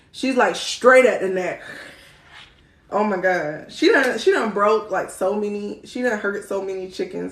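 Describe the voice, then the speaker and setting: Laughing often and swearing freely, a young woman chats in slangy, casual fashion while hosting a spiritual live stream in an indoor room. Her voice is on the high side with a fairly bright tone, and the audio has a roomy echo.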